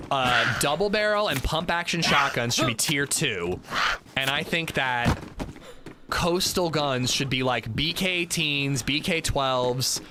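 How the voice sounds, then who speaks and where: A man streaming a game, chatting casually and rambling, with lots of filler words. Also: mid-range voice. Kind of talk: casual livestream gaming commentary. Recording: noisy background hiss.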